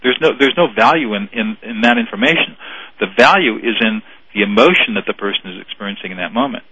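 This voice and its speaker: Earnest man, bright-edged husky voice. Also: on the low side, quick pace, dry recording, highs cut off. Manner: earnest, repeats words while explaining. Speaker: mediator, radio guest. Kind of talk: explanatory radio interview.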